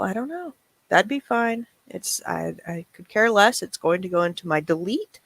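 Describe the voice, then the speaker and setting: A woman's voice: on the low side, fairly bright tone, no echo. A middle-aged woman hosting a casual livestream chat, reading messages aloud with wry, chatty remarks. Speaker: reseller channel host.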